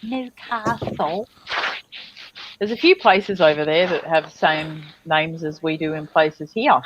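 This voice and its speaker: A woman in casual chat, unhurried and searching for her words. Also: low voice, lo-fi sound, noisy background. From Australia.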